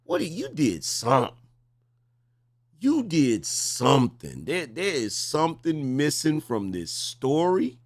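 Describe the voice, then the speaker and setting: A man's voice: mid-range voice, huge pitch swings, slow pace. Mocking, incredulous male commentator. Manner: mocking, incredulous, repeats questions. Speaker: commentary host. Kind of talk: reaction commentary.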